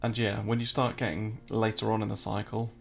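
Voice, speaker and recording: A man's voice: fairly low pitch, level tone, fairly quick, vocal fry, faint music behind. An English man hosting a casual live-stream, joking, answering viewer chat and walking through trading charts. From England.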